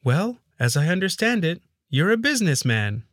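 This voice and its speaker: A man's voice: on the high side, big pitch swings, normal speed, a bit bright, dry recording, studio quality, voice pushed up. A man voicing a polite, worried female house maid in an audiobook, speaking deferentially and calling her employer sir. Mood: earnest. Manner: deferential, addresses him as sir. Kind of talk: audiobook character voice.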